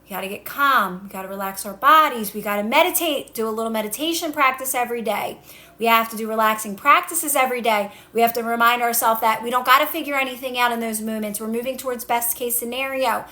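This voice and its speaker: A woman on a phone livestream, coaching viewers in a casual way, repeating calm instructions and answering their comments. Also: on the high side, fast. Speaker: manifestation coach. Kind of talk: casual TikTok live talk.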